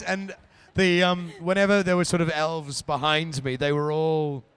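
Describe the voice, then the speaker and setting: A man who is an actor guest, telling anecdotes in a lively way in a convention interview and slipping into silly voices. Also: a little high, clean tone, no room sound. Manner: animated storyteller, slips into silly voices. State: tired, short on sleep.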